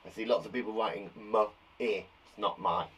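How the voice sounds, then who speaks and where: A man's voice: fairly low pitch, fairly even intonation, brisk, a bit bright, husky. A man teaching a spelling lesson to young children, jokey and encouraging as he reads out words. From England. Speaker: primary school teacher.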